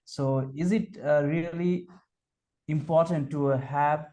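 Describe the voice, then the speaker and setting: A man who is a student asking a question on a video call, polite and hesitant, pausing often. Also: fairly high pitch, fairly even intonation, dark tone. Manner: hesitant, polite, many "uh" pauses.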